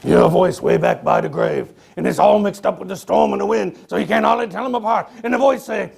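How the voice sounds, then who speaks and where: A man telling a ghost tale in folksy dialect on stage, with dramatic pauses and swings from a hush to near shouting. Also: high voice, vocal fry, a little hiss or hum. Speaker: storyteller performing as a 19th-century author. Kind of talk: theatrical one-man stage storytelling.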